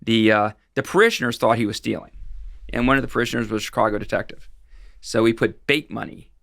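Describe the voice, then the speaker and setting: Gravelly man telling a story. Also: mid-range voice, fast, a bit bright, no room sound, studio quality. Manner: rambling, with frequent restarts and fillers. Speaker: guest expert on financial fraud. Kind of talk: casual interview storytelling.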